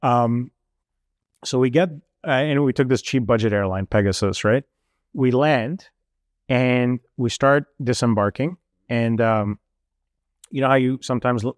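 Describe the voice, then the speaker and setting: A young man telling a travel story in casual chat, animated and full of fillers. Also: medium pitch, normal speed, dry recording, clean studio sound. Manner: animated, lots of fillers, mimics officials.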